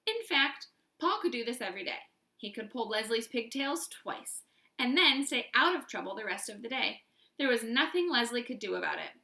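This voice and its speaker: A woman reads a children's chapter book aloud with lively expression and stops to question her listeners. Her voice is bright with a gravelly grain. The room around her is echoey. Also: fairly high pitch, normal speed. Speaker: storyteller.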